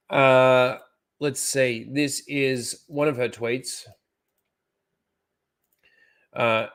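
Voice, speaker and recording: A man hosting a casual live-stream, talking loosely with many fillers, frank and sometimes profane. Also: medium pitch. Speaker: host.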